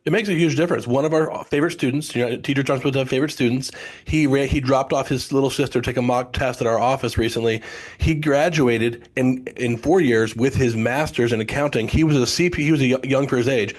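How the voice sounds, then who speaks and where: A man's voice: mid-range voice, quick pace. Chatty middle-aged man telling stories. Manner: chatty storyteller, many restarts and asides. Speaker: guest, founder of test prep company. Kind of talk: casual podcast interview.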